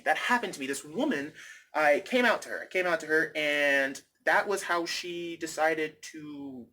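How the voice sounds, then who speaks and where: A man ranting casually into his phone outdoors in the wind, rambling, animated, swearing freely and repeating himself. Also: fairly high pitch. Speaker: vlogger. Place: outdoors, windy.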